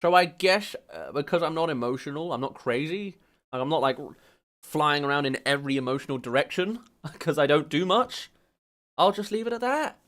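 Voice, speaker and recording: A man's voice: on the high side, normal speed, a bit bright. A young English man streaming as a VTuber, chatting casually and laughing as he reads quiz questions aloud. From England.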